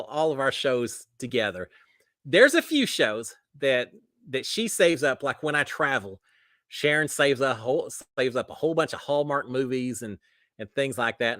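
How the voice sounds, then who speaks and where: A middle-aged man from the United States chatting on a live stream, rambling from one thought to the next with lots of fillers. His voice is bright and swings up and down a lot. The sound is dry and close. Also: mid-range voice, no room sound. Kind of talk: casual chat reading viewer comments.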